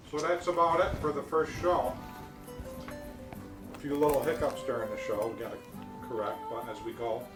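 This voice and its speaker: A man's voice: mid-range voice, steady tone, normal speed, pauses often. A man hosting a home cooking show, chatting loosely over a meal with restarts, recorded from a distance in an echoey room with music playing. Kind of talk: casual chat over a meal.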